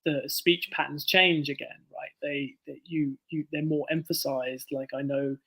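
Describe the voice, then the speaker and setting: A man's voice: a little high, steady tone, unhurried, sharp tone. A man from the south of England with a southern English accent, an author chatting as an interview guest, thoughtful and articulate. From Bournemouth, southern England. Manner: articulate, thoughtful, easy laugh. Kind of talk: casual interview chat.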